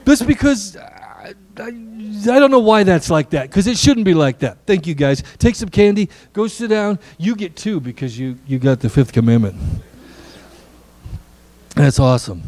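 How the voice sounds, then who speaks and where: A man's voice: high-pitched, expressive, normal speed, a little mellow, dry recording. A man, a pastor giving a playful children's message in church and joking with the kids. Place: church sanctuary.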